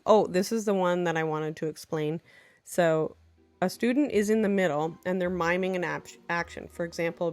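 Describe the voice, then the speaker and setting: A female teacher gives an unscripted tour of her classroom games, chatty and playful, with a fairly low pitch and a clean tone. She jumps into lively, quick French examples while explaining and pokes fun at herself in small asides.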